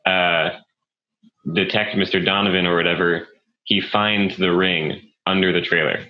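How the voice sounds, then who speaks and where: A man's voice: sits low, fairly even intonation, normal speed, lo-fi sound. A man casually chatting about films on a podcast, rambling and swearing freely. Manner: casual, profane, rambling with fillers. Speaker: podcast co-host. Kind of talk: casual chat about film.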